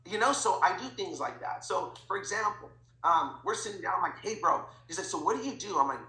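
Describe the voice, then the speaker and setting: A man talking as a guest in an interview, telling stories in an animated way and acting out the dialogue. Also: high-pitched, fairly quick, roomy sound, low-quality recording. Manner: animated, acts out quoted dialogue. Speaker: podcast guest, financial educator. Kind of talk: energetic storytelling interview.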